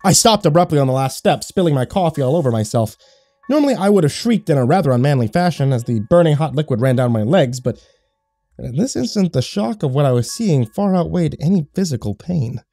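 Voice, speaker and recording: A man's voice: a little high, expressive, brisk, mellow, no echo, soft background music. A man giving scripted horror story narration in a wry, sarcastic first-person tone.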